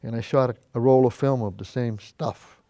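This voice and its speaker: A warm, mid-range voice at a moderate pace, with no room sound, belongs to an older man hosting a painting show. Working from a high school cable TV studio, he keeps up a folksy, rambling chat during the casual demo and sometimes steps back from the mic to view his canvas.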